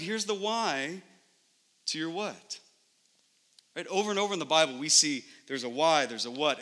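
A man in his thirties preaching a sermon as pastor, animated and conversational, acting out little scenes at home. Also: medium pitch. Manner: animated, acts out scenes in lively voices. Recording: long hall reverb.

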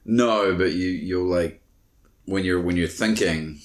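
A man with a low voice co-hosts a relaxed podcast chat. He mostly answers in short agreeing bursts and now and then needles his partner with a playful question. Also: slow. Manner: brief agreeing replies, teasing questions. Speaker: podcast co-host. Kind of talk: casual chat.

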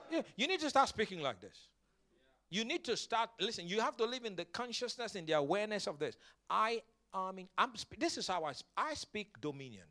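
High bright-voiced male pastor preaching. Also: sing-song, moderate pace, pauses often. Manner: preaching with call-and-response to the congregation; rises to loud emphatic declarations. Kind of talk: sermon.

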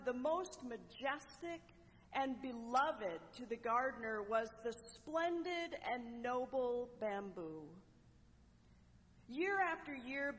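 A woman preacher telling a parable as a sermon, with measured delivery and dramatic pauses. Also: high-pitched. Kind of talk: sermon storytelling. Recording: long echoing hall reverb.

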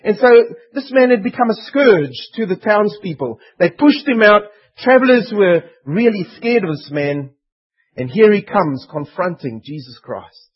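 A man's voice: sits high, lively intonation, a little slow, slightly rough, highs cut off. A man preaching a sermon in an earnest, emphatic way. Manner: earnest, emphatic, voicing pleading demons.

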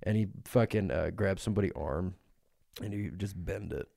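A man's voice: sits low, moderate pace, creaky, dark tone, dry recording, clean studio sound. A man co-hosting a podcast, laughing a lot as he swaps crude, silly improvised stories. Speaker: podcast co-host. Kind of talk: casual comedic improv chat.

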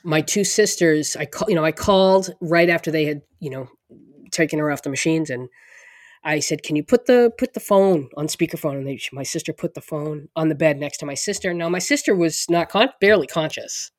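In clean, dry studio sound, a middle-aged woman speaks a little fast in a low voice. She co-hosts a podcast, chatting casually with many restarts and laughing through the difficult parts.

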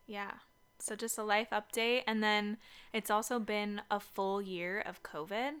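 A woman's voice: medium pitch, fairly even intonation, unhurried, fairly bright tone, clear, resonant tone. A young woman co-hosting a casual podcast from a basement home studio, upbeat and chatty. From Seattle area. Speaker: podcast co-host. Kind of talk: casual chat.

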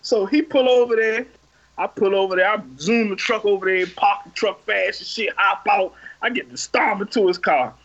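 High-voiced man telling a story, lo-fi. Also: moderate pace. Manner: animated, profane, gets loud when reenacting. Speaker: podcast co-host. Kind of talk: casual storytelling.

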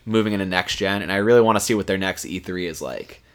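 A man's voice: deep voice, quick pace, clear, resonant tone. A young man co-hosting a podcast, laid-back in chat and reading news segments aloud. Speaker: podcast co-host.

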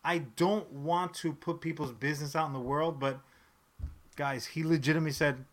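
A man's voice: mid-range voice, a little fast. A man co-hosting a comedy podcast, riffing in casual banter and dropping into silly voices. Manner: animated, breaks into silly impressions. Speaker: podcast co-host. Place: recording with camera, live to tape.

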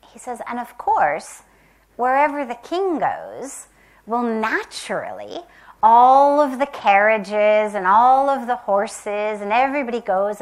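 A woman from the United States telling a spiritual parable in a soft, gentle, reflective way, sometimes dropping to a whisper. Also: a little high. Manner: slow, gentle and reflective, with long pauses. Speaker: spiritual teacher. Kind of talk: spiritual storytelling talk.

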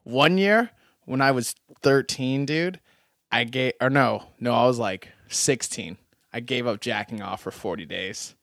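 A man's voice: medium pitch, a little slow, a bit bright, no echo, studio quality. A man co-hosting a podcast, chatting casually and joking with an easygoing manner. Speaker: podcast co-host. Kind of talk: casual chat.

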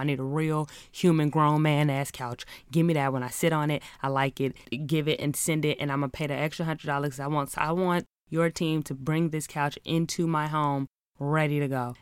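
Woman podcast host, comic storytelling, profane exasperated rant, lowish voice, dry close sound. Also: dry recording. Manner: animated, profane, exasperated ranting. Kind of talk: comedic storytelling monologue.

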